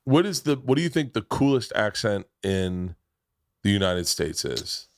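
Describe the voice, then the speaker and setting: A man's voice: on the low side, sing-song, a little slow, no echo. A man from Florida in casual podcast chat, rambling and crude, close on a studio mic. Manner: rambling, crude, jumps into impressions.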